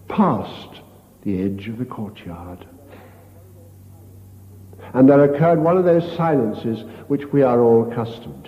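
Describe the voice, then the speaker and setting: An older man, a priest, delivers a retreat meditation as a slow, storytelling sermon, hushing his voice for quoted lines. His pitch is medium, and the recording is dull lo-fi tape captured in a reverberant hall.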